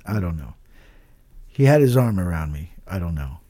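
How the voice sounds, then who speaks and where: Casual podcast host, male, animated delivery, rambling storyteller, swears freely. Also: sits low, normal speed. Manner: rambling, swears a lot, trails off with "I don't know". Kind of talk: casual chat.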